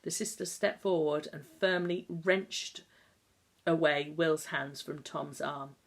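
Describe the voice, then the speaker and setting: A woman narrating a novel aloud in a measured, calm storytelling manner. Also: deep voice, creaky. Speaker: audiobook narrator. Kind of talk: scripted narration.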